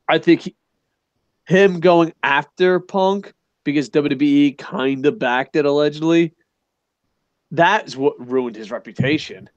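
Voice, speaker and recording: Male show host, slightly high voice, rambling and profane, dry close sound. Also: measured pace, no room sound, dull audio. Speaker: podcast host. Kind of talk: casual wrestling chat.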